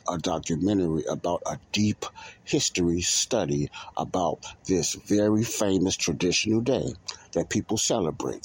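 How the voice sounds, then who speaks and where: A man hosting a religious podcast in a casual, rambling monologue. He repeats himself, leans on fillers like "uh" and "you know", and slows down to stress key words. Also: low voice, slightly rough. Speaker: podcast host.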